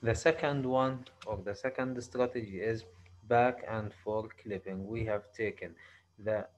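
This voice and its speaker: Slow, halting Arabic-accented male lecturer. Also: on the low side, steady tone, rough recording. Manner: slow, halting explanation with frequent restarts and repetitions. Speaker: university lecturer. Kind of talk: recorded online lecture.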